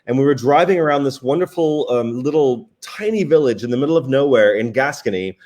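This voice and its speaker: A relaxed, chatty man telling stories as an interview guest over a video call. He talks at a medium pitch, with fillers and restarts. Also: fairly quick. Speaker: wine sales director, guest. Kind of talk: casual interview storytelling.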